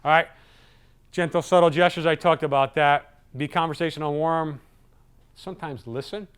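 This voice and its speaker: A man giving a live sales training talk in a lively, conversational way, acting out what customers say. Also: a little high, moderate pace, clear, resonant tone. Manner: lively, acts out customer voices.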